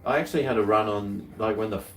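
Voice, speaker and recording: Laid-back low-voiced Australian man. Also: quick pace, echoey room, far from the mic. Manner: rambling, with many restarts and fillers. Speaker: co-host of a live stream. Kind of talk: casual chat.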